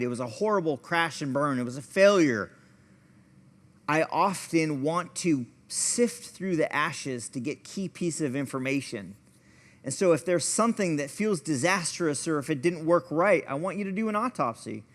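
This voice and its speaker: A man teaches a church class in a fairly high voice, part lesson and part story. He talks in an easy, conversational way and often makes fun of himself. His voice carries a long echo from the hall. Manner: conversational, storytelling, self-deprecating. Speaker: pastor and family therapist teaching a class.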